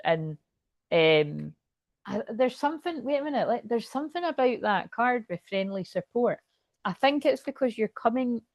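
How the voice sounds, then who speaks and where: A woman giving a casual tarot reading to camera, chatty and excitable, thinking aloud and swearing freely. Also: medium pitch, dry recording. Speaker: tarot reader.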